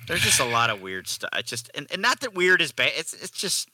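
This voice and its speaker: A man's voice: on the high side, big pitch swings, brisk, bright, forceful tone, no echo. A man in casual chat about a movie, agreeing often and restarting his sentences. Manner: agreeable, repeats short assents, hesitant restarts. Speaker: podcast co-host.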